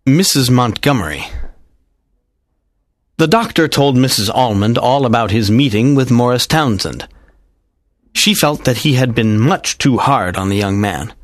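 A man narrating a dramatized audiobook in a measured, even storytelling manner. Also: mid-range voice, no room sound, clean studio sound.

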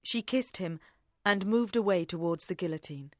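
A woman narrating an audiobook in a measured, even way. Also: lowish voice, no room sound, studio quality. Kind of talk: audiobook reading.

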